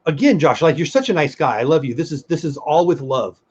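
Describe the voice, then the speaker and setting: A man's voice: mid-range voice, animated, fast, hardly any pauses, husky, dull audio. A middle-aged man co-hosting a casual livestream chat, earnest and rambling as he reads the chat aloud. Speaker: podcast co-host.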